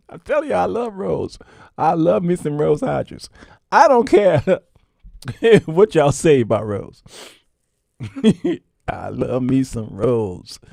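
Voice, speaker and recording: A man's voice: fairly high pitch, a little mellow, no echo, clean studio sound. A man hosting a casual livestream, talking folksy to his viewers and laughing often. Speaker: show host.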